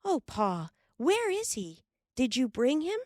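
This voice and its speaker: A woman's voice: high-pitched, huge pitch swings, slow pace, dry recording, clean studio sound, voice pushed up, exaggerated voice. Woman doing an eager little pioneer girl.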